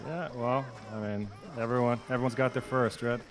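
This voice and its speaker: A man's voice: mid-range voice, fairly quick. A man who works as a voice actor, chatting casually and rambling a little while gaming. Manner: relaxed, rambling with fillers. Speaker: voice actor guest on a stream. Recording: noticeable background noise.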